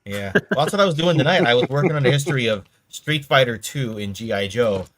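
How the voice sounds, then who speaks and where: A man's voice: mid-range voice, lively intonation, fast, fairly bright tone, a little hiss or hum. A man chatting on a live show who talks in a dry, sarcastic way. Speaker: online video creator. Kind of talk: casual live chat.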